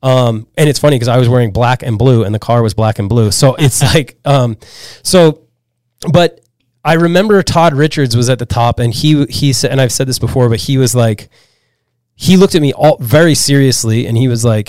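Animated storytelling snowboarder man, dry sound. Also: mid-range voice, moderate pace, no echo. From Pennsylvania, US. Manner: animated storyteller, many "like"s and restarts. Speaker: podcast guest. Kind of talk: casual storytelling chat.

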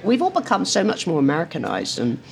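An older woman from England, telling lively anecdotes and acting out voices over lunch in a restaurant. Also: lowish voice, fast, creaky. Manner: lively storyteller who acts out voices. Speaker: guest. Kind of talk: casual chat.

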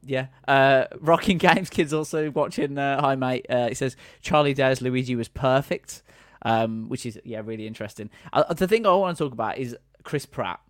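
A man's voice: medium pitch, moderate pace, no room sound, clean studio sound. A man hosting a casual podcast chat, chatty and reading out viewer comments. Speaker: podcast host.

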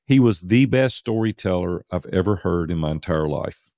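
A man's voice: low-pitched, animated, normal speed, creaky, warm tone, no room sound, studio quality. A middle-aged man, a podcast guest, telling a candid personal story in an earnest, conversational way and repeating words for emphasis.

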